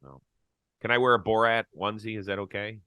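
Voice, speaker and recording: Low, bright-toned male sports talk host. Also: fairly even intonation, fast talker, clean tone, no echo. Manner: wry, chatty, laughs easily.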